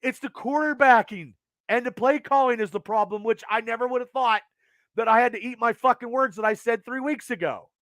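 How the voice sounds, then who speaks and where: A man's voice: extremely high pitch, a bit bright, dry recording, studio quality. Agitated, profane man ranting. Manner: profane, agitated, fast rants. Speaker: podcast host. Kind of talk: angry sports rant to live chat. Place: at home.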